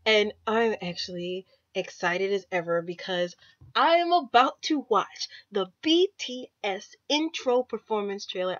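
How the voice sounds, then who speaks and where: A woman in a casual reaction vlog, gushing with breathless fan excitement over a video she is watching. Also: medium pitch. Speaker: YouTube reactor. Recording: muffled lo-fi recording with faint music.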